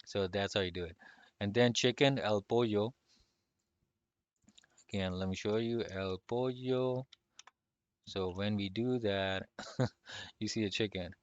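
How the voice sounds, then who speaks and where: A man teaching a relaxed online lesson, speaking loosely with lots of fillers and chuckles. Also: on the low side, measured pace, long pauses, smooth, no room sound, dull audio. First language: not Spanish. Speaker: language teacher.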